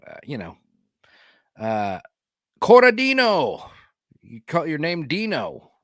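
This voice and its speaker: A man's voice: fairly high pitch, slow, dry recording, clean studio sound. A man hosting a podcast, riffing casually and jokingly with lots of fillers while watching a reality show. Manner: animated, joking, rambling with fillers. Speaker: podcast host.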